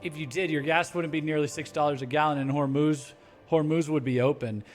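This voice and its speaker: A man's voice: fairly high pitch, fairly even intonation, brisk, soft background music. A man streaming a game and chatting casually, rambling and joking in a mock-blustering way, with many restarts. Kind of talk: casual live-stream commentary.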